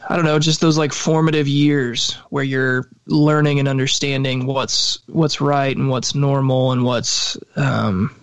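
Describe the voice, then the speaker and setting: A man's voice: mid-range voice, steady tone, measured pace, hardly any pauses, no echo. A man co-hosting a podcast, talking casually and hesitantly with many fillers. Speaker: podcast co-host. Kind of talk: casual chat.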